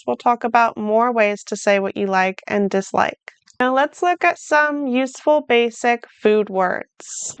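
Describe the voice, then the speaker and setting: A woman teaching a beginner language lesson, modeling short phrases slowly and then explaining them in plain words. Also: fairly high pitch, clear, resonant tone, no echo. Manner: speaks slowly and carefully, models German phrases then translates. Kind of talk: slow, clear beginner lesson.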